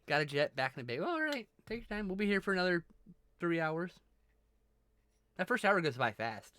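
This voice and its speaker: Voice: mid-range voice, big pitch swings, unhurried, pauses often. A live streamer chatting casually with viewers, thanking them and swearing freely. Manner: greets and thanks viewers warmly.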